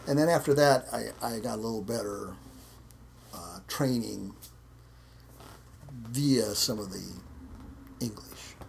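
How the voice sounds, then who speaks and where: Gravelly American man, interview guest, loose anecdotal delivery, faint noise floor. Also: on the low side, slow, long pauses. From United States. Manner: rambling, repeats words, acts out quotes. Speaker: interview guest, martial arts instructor. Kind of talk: casual storytelling interview.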